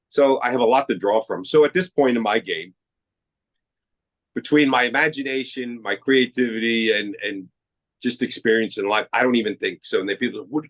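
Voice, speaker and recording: A man's voice: fairly low pitch, poor audio. Middle-aged guy from queens, actor on a podcast, chatty, acts out the lines in his stories. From Queens, New York. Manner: animated storyteller who acts out quoted dialogue. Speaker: actor guest. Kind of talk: casual podcast interview.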